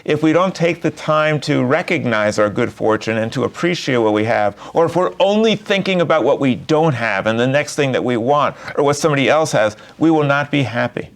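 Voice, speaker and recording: A man, a rabbi, giving a gentle, reflective sermon and telling a story. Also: mid-range voice, expressive, brisk, few pauses.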